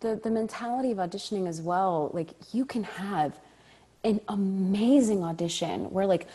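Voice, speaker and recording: A woman's voice: medium pitch, normal speed, breathy edge. A woman, a stage actor, telling a story in conversation, acting out quoted dialogue with frequent laughter. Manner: animated, acts out quoted dialogue, laughs often.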